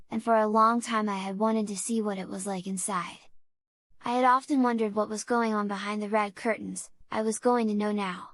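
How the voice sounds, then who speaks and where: An audiobook reader, a woman with a mid-pitched voice, narrates a classic children's story steadily and deliberately. The recording is close and dry, free of room echo.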